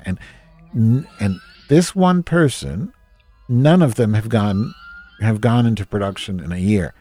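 A man's voice: lowish voice, dark tone. A man from New Jersey hosting a casual ranting monologue, grumpy, sarcastic and full of swearing. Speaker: host.

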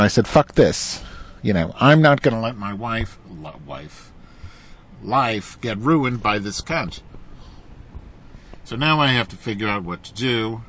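A man talking alone in his car into a clip-on phone mic, ranting in a profane, rambling way. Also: fairly low pitch. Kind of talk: casual monologue. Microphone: clip-on mic attached to a phone.

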